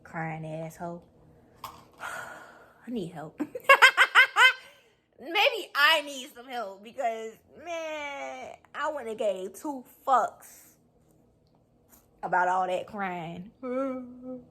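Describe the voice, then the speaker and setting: Woman, reaction vlogger, heated profane ranting, laughing outbursts, bright, lively pitch. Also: drawn-out words, pauses often. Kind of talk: casual reaction commentary.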